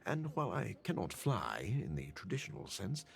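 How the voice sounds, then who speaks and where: An actor voicing a calm male scientist vampire in a video game, with a deep, measured, clinical delivery. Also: vocal fry, full character voice.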